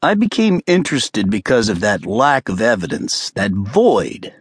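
A man voicing a cerebral male author who lectures an audience in a measured, detached way in an audiobook. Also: fairly low pitch, very animated, breathy edge, no echo, studio quality, heavily acted.

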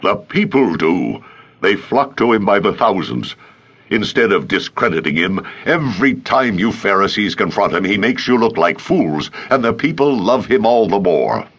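A man voicing a blunt, fiery male councilman in an audiobook, forceful and quick to retort. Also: on the low side, big pitch swings, lo-fi sound, heavily acted.

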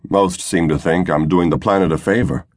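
Male narrator as a resigned, worn-out governor; very low and husky. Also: normal speed, darkish tone, no room sound, clean studio sound. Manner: tired, resigned. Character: weary, brooding male planetary governor. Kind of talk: audiobook narration.

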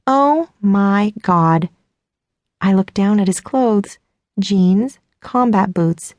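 A woman's voice: medium pitch, no echo. A woman narrating a first-person audiobook in a self-mocking, flustered voice, close to the mic.

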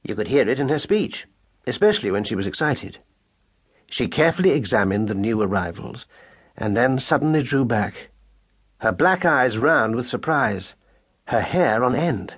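A man narrating a children's audiobook in a measured, expressive storytelling manner, with a husky voice. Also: medium pitch. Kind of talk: scripted narration.

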